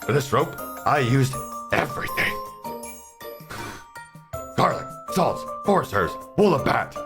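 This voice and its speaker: A gruff, boastful talking duck , as a man puts him on, bursts out in a raised, grating voice. He swings his pitch widely and sounds fed up and pushy. Video game music plays clearly behind him. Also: big pitch swings, a little slow. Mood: chatty. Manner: loud and indignant, pitched up.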